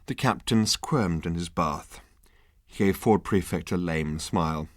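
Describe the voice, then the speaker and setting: A man's voice: low-pitched, unhurried, no room sound, clean studio sound. Wry male audiobook narrator. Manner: wry, deadpan humor. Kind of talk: scripted narration.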